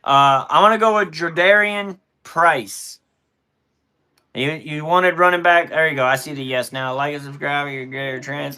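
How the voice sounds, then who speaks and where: Man, live-stream host, casual and laid-back, bossy with kids, bright tone. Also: a little high, normal speed, clear, resonant tone. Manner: easygoing, talks through picks while bossing the kids around. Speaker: live-stream host running a mock draft.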